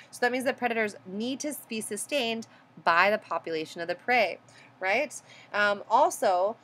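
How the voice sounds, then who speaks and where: A woman talks through a recorded lecture in an everyday mid-range voice, loose and conversational, tossing in "right?" and pausing with "um" as she corrects herself. A faint hiss of noise sits under her voice. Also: medium pitch, a bit bright. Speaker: biology lecturer.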